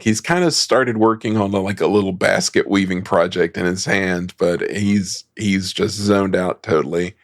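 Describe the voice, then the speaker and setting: A man co-hosting a film society show, chatty and laughing as he recaps the plot in a casual way. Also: lowish voice. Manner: chatty, laughing, many ums.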